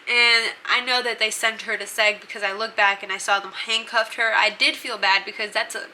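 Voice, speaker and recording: A woman's voice: mid-range voice, fairly even intonation, a little fast, pushed and bright, slight background noise, rough recording. A young woman telling a story to her channel in a casual, chatty way, swearing freely and using plenty of fillers. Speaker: vlogger.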